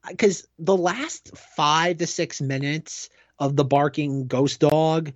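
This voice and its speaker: A man co-hosting a casual chat, rambling in an animated way with lots of fillers. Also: a little high, slow, no echo. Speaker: podcast co-host. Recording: dry, dull lo-fi sound.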